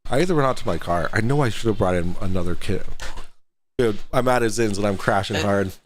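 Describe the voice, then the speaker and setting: A man's voice: lowish voice, quick pace, slight background noise. A man hosting a casual livestream talk show, joking, swearing and laughing a lot.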